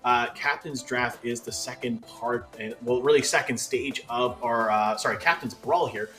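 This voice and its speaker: A Canadian man hosting an esports tournament desk, excitable and full of "like" fillers. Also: mid-range voice, normal speed, soft background music. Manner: excitable, filler-heavy with lots of "like". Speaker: tournament host.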